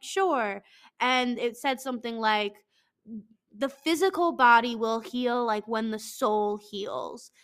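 A woman's voice: fairly high pitch, a bit bright. A woman in her twenties with a stuffy nose, talking casually and reading from an article, rambling, profane and self-mocking, with lots of "like.". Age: 20s.

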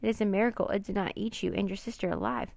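A woman's voice: medium pitch, fast talker, gravelly, darkish tone, no room sound, natural voice. A woman voicing a stern, ambitious older male professor who speaks formally.

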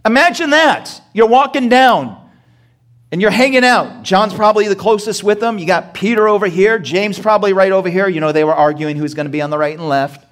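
A man's voice: high-pitched, fairly quick, fairly bright tone. A male pastor preaching a sermon, asking the congregation rhetorical questions and acting out short dialogue scenes with humor.

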